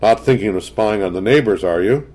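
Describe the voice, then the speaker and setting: A man's voice: lowish voice, brisk, darkish tone, natural voice. A man voicing an easygoing husband with a dry, teasing manner, close to his own voice.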